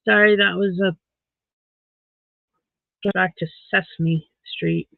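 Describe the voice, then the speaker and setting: A man with a high, gravelly voice chats on a home live stream while crocheting. He counts rows under his breath and greets viewers by name. The sound is thin and phone-like in a dead, dry room. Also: animated, slow pace, pauses often, no room sound. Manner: chatty, counts stitches aloud under the breath.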